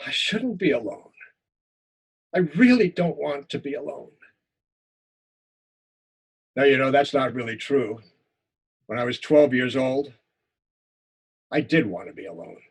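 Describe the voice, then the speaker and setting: A man with a husky, slightly high voice teaches a writing class and reads his own story aloud. He reads with feeling, repeating words as tension rises. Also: unhurried, pauses often. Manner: expressive reading, repeats words in tense moments. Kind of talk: lecture and reading a memoir story aloud.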